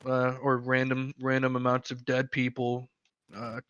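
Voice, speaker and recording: A man's voice: mid-range voice, monotone, measured pace, a bit bright, smooth, no echo, muffled recording, lightly acted. A man voicing a local male dwarf who passes on rumors in a rambling, hesitant way.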